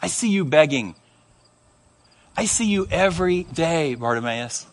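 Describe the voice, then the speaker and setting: A male preacher voicing Jesus as a calm, gentle, compassionate man, speaking slowly and softly. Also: high voice, heavily acted. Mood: tender. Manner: slow, soft, tender.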